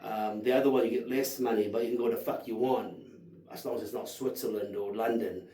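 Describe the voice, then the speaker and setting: Guy in his 30s doing a whisky tasting vlog, swears a lot, mellow voice, sounds kinda far off in an echoey room. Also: on the low side, steady tone, a little fast. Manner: sweary, rambling, enthusiastic tasting notes. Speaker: whisky reviewer.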